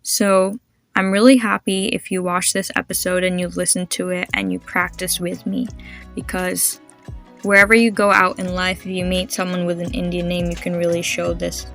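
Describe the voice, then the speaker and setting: A woman's voice: on the low side, little pitch movement, creaky, fairly bright tone, soft background music. Encouraging young woman teaching pronunciation. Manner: encouraging, patient, demonstrates sounds slowly. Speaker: podcast host teaching name pronunciation. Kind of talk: instructional podcast.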